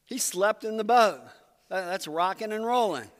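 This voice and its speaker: A man's voice: high-pitched, moderate pace. A man preaching a sermon as pastor, telling the story in a conversational, earnest way. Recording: long reverb from a hall.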